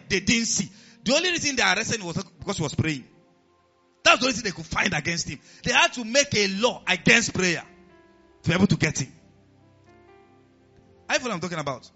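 A man with a Nigerian accent preaching a sermon as pastor, animated and often asking the congregation questions. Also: high-pitched, muffled recording.

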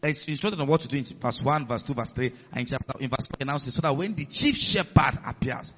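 A man preaching a sermon as pastor, teaching slowly and checking with the congregation through repeated questions. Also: medium pitch, fairly bright tone, husky, big-room sound, highs cut off.

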